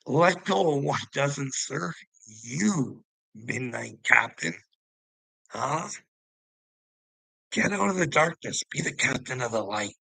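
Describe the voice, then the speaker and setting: A man with a gravelly, forceful voice, talking straight to his viewers in a loose, preachy monologue. He needles critics and drifts from one topic to the next, chuckling to himself, on a close, dry microphone. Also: medium pitch, animated, takes it slowly, long pauses, no echo, low-quality recording. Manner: preachy and taunting, jumps between topics, laughs to himself. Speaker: vlogger answering commenters. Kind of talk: casual rambling monologue to viewers.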